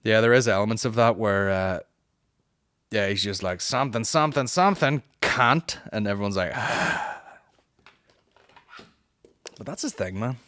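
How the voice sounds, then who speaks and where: Sweary Northern Irish man, low voice. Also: steady tone, a bit bright, clean tone, no room sound. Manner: rambling, profane, with quick mocking impressions. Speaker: podcast host answering listener questions. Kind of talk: casual chat.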